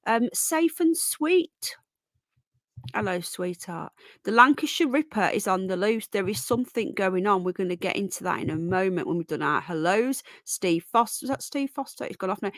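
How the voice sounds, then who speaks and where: A woman's voice: medium pitch, fairly bright tone, no echo, studio quality. A tired, yawning woman hosting a casual live stream, chatting and greeting viewers by name as darling and sweetheart. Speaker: livestream host.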